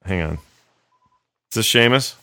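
A man's voice: fairly low pitch, expressive, measured pace, bright, forceful tone, no room sound. A man hosting a casual podcast, bantering and laughing, irritated by small things. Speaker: podcast host. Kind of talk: casual chat.

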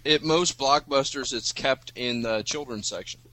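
A man's voice: mid-range voice, normal speed, pushed and bright, a little hiss or hum, rough recording. A male co-host chatting eagerly and casually. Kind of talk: casual chat.

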